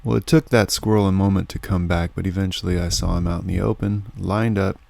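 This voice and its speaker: A middle-aged man hosting an outdoor vlog, talking in a relaxed, upbeat, chatty way. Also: low-pitched, a little fast, vocal fry, dry recording. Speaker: host of a foraging and hunting channel. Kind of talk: casual outdoor vlog narration.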